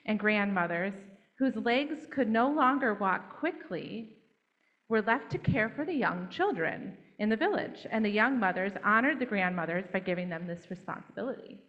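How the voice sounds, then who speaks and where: A woman telling a children's story at church in a gentle, interactive way, inviting the children to join in. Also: medium pitch, lively intonation, moderate pace, muffled recording.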